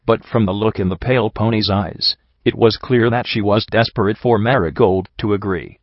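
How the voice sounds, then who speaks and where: Low-voiced man reading a story aloud. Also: moderate pace, hardly any pauses, no echo, dull audio. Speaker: audiobook narrator. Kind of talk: fan fiction audiobook reading.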